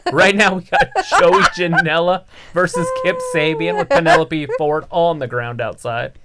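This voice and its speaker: Deep-voiced female co-host, casual wrestling chat, easygoing play-by-play. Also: normal speed, heavy background noise. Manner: relaxed, wonders aloud, calls the action. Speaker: live stream co-host.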